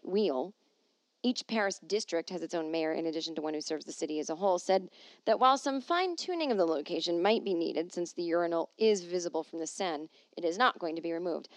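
A woman's voice: lowish voice, no echo. A woman hosting a podcast from home, chatting casually and reading an article aloud with wry, jokey asides. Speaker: podcast host.

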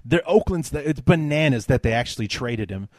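A man hosting a sports podcast, telling stories in an animated, casual way with many fillers. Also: mid-range voice, moderate pace, no room sound. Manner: animated storyteller, lots of fillers. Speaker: podcast host.

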